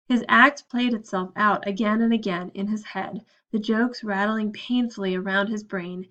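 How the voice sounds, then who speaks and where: Storybook narrator, woman, steady and expressive; fairly high voice, slightly muffled take. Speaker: audiobook narrator.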